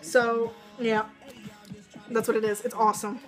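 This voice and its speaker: A young woman with a fairly high voice chats to her camera in a loose, rambling vlog style, full of fillers and restarts. Soft music plays faintly behind her. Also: flat delivery, a little slow. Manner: rambling, filler-heavy storytelling. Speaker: vlogger. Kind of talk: casual chat to camera.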